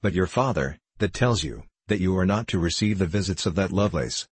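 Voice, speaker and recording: A man's voice: sits low, lively intonation, brisk, breathy edge, dry recording. A man reading an audiobook, voicing a sneering young brother who drawls provocatively.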